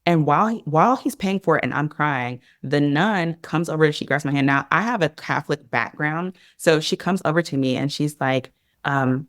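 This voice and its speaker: A woman's voice: deep voice, normal speed, no room sound. Chatty woman telling a story, dry sound. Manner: animated, chatty, heavy use of "like" and "girl". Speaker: podcast guest. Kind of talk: casual storytelling in an interview.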